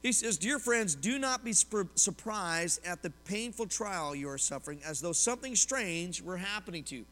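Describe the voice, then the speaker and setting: A man, preaching a lively sermon as a pastor, telling personal stories and asking the congregation questions. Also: high-pitched, normal speed, few pauses. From Oklahoma, US. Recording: long hall reverb.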